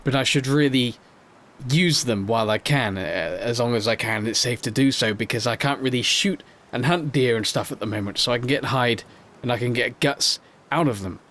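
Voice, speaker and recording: Male let's play host, mid pitch, joking self-deprecating game commentary. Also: normal speed, fairly bright tone. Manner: playful, self-mocking, jokes while playing. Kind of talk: gameplay commentary.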